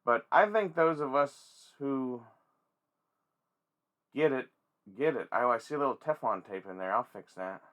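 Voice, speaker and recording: A man's voice: medium pitch, measured pace, long pauses, highs cut off. Rambling, foul-mouthed male vlogger. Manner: profane, rambling, excitable. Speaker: toy collector and channel host. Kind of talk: casual rambling vlog.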